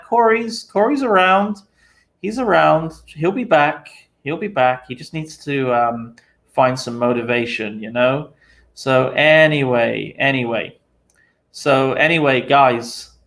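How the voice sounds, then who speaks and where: Young male streamer from the UK: slow, gravelly, tired, casual and chatty. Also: mid-range voice. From United Kingdom. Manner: relaxed, chatty, many fillers, laughs easily. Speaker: live stream host. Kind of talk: casual live-stream chat.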